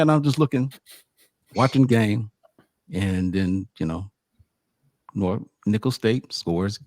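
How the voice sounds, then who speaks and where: A man with an animated, stammering manner, telling a casual story as a sports media host. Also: on the low side, no room sound, studio quality. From United States. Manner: animated, acts out quotes, frequent stammered restarts.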